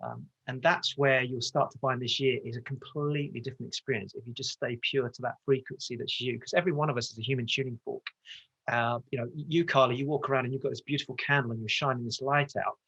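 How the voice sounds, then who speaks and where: A male coach from the UK, guesting on a podcast. He speaks quickly and passionately through a slightly husky voice. The audio sounds dull and lo-fi, like a remote call. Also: medium pitch, fairly even intonation, fairly bright tone. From United Kingdom. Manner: passionate, gets carried away, talks fast. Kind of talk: motivational interview talk.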